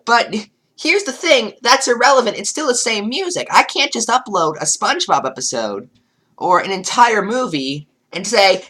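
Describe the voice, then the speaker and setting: Bright-voiced sarcastic woman commentator. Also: on the high side, big pitch swings, measured pace. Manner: sarcastic, exasperated. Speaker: commentary youtuber. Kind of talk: reaction commentary reading comments.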